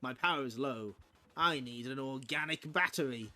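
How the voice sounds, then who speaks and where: Cold killer robot, voiced by a man, flat commanding delivery, comic read-aloud. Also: mid-range voice, moderate pace. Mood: menacing. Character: cold obedient killer robot, male, menacing.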